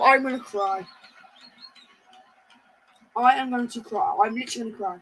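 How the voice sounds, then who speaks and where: A woman's voice: fairly high pitch, moderate pace, a bit bright, breathy edge, rough recording. A woman hosting a live football watchalong, pleading and fretting anxiously as she reacts to the match. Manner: anxious, pleading fan chatter. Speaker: livestream watchalong host.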